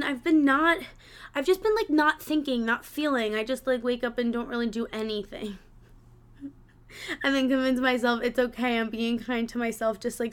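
A woman's voice: sits high, fairly bright tone. A young woman hosting her own podcast in a casual, rambling way, restarting sentences and laughing at herself. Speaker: podcast host.

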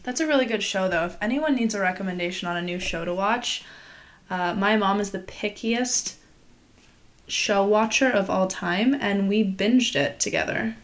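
A woman's voice: medium pitch, normal speed. A woman co-hosting a casual chat who talks freely and laughs easily.

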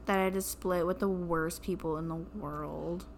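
A woman's voice: fairly low pitch, fairly even intonation, moderate pace. A young woman co-hosting a podcast in a casual chat, wry and profane as she jokes about old jobs. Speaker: podcast co-host. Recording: faint background noise.

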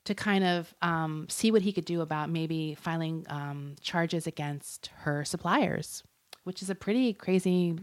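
Woman podcast host, lower register, casual storyteller, giggly and loose, swears now and then. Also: unhurried. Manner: chatty and giggly, swears, uses lots of fillers. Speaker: podcast co-host telling a true crime story. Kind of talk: casual chat.

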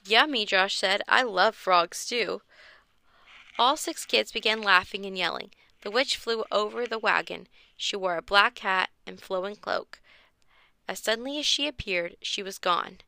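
A woman's voice: medium pitch, moderate pace, creaky, sharp tone, dry recording. A woman reading a children's chapter book aloud with expression, raising her voice for the kids' lines. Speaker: storyteller.

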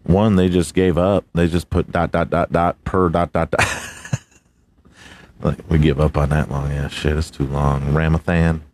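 A man's voice: a bass voice, little pitch movement, unhurried, darkish tone, slight background noise. A man hosting a casual solo podcast, swearing a lot, laughing, and fumbling through hard names. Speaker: podcast host.

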